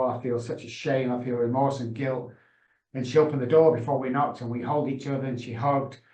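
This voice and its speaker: A man's voice: medium pitch, a little mellow. A middle-aged man, a guest on a video call, telling his story with passion and emphasis. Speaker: guest, addiction consultant. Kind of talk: emotional storytelling. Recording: roomy echo.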